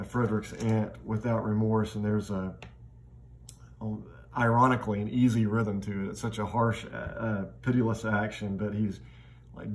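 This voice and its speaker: A man's voice: on the low side, a little mellow. A man giving a literature lecture in a reflective way. He thinks aloud and often restarts his phrases. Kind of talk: classroom lecture. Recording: faint background noise.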